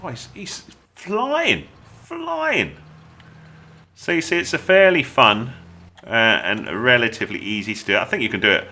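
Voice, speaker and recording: A man's voice: medium pitch, big pitch swings, a little slow, bright, forceful tone. An English man with a chatty, jokey manner, talking viewers through a video game as a tutorial host. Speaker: gaming channel host. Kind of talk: gameplay tutorial commentary.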